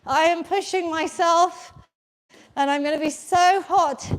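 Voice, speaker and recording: A woman's voice: very high voice, fairly even intonation, unhurried. A woman leading a live home workout, encouraging everyone and counting the reps aloud. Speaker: fitness instructor. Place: home basement.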